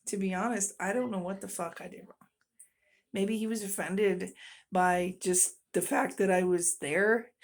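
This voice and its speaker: A middle-aged woman telling a story in a casual vlog, exasperated and venting, breaking into nervous laughs. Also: mid-range voice. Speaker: vlogger.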